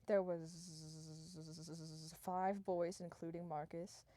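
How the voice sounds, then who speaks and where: A woman rambles through an improvised comic story, swearing and restarting sentences as she goes. Her voice is mellow and soft-edged. The sound is dry and close. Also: fairly low pitch, little pitch movement, drawn-out words, no echo.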